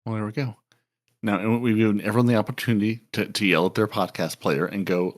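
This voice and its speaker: A man co-hosting a podcast in casual chat, animated and full of filler words and laughs. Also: fairly low pitch, fast. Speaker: podcast co-host.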